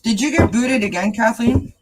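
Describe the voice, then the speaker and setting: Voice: medium pitch, normal speed, background noise. A host of a tarot chat stream reading oracle cards in a casual, rambling way. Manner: rambling and warm-hearted, with many fillers.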